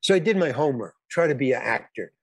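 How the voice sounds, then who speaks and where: A man's voice: medium pitch, lively intonation, quick pace, husky, no echo. A man in his eighties, a guest actor and comedian, telling casual anecdotes in a rambling way, with repeated words, restarts and some blunt swearing.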